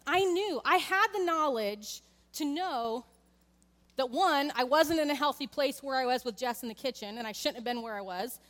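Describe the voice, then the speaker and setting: Speaking at a normal pace, this woman in her thirties has a high, expressive voice with a slightly bright edge and a long reverb tail. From the church sanctuary, she preaches conversationally, recounting a frank family story and talking straight to the people in the pews.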